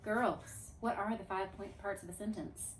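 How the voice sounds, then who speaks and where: A woman's voice: mid-range voice, normal speed. Woman teacher, mid-range voice, coaxing and chant-leading, echoey classroom. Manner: lively, coaxing, leads chants. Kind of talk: classroom grammar review. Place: classroom with a board. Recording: echoey room.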